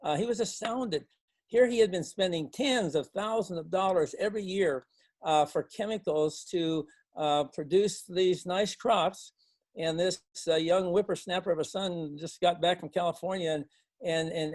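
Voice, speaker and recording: Older man from Montana, folksy farm storyteller, slightly high voice, dry close sound, lots of ums. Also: no echo. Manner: folksy, animated when quoting others, many fillers and restarts. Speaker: organic farmer and speaker. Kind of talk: storytelling talk to a club.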